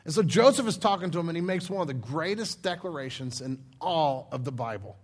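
A man's voice: a little high, expressive, brisk. A middle-aged man preaching a sermon as pastor, talking in an earnest, conversational way and acting out the scripture in his own words.

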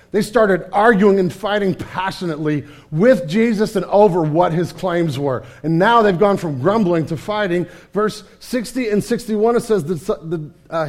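Preaching with a high-pitched voice, this male pastor speaks candidly and conversationally. He keeps starting his sentences over, moving between hushed, somber moments and loud, animated bursts.

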